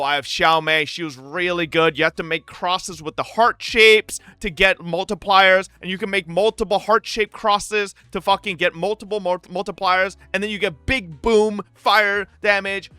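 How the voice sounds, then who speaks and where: A man streaming live, ranting to his chat in an excitable, profane, animated way. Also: high voice, normal speed, smooth, no echo, faint music behind. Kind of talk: livestream rant to chat.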